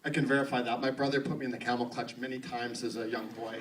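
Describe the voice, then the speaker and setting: A man's voice: medium pitch, flat delivery, quick pace, a bit bright. Moderator man on a distant, noisy mic. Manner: brief, plain questions. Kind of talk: asking audience questions.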